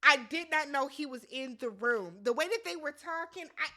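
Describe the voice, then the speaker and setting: A woman hosting a casual recap show, talking bluntly and emphatically, swearing freely and slipping into quick imitations of the people she discusses. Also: high-pitched. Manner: animated and emphatic, blunt and profane, quick to mimic others. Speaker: reality show recap host.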